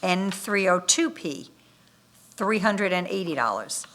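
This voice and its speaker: A woman reading bid amounts aloud at a town bid opening, listing item codes and dollar figures in a steady, methodical way. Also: lowish voice, takes it slowly. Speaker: municipal official reading bids. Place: town government meeting room.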